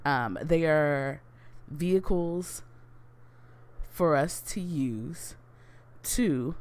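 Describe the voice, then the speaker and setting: A woman hosting her own podcast, talking casually and excitedly with many fillers and restarts. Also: deep voice, very slow, pauses often. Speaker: podcast host. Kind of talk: casual solo podcast talk.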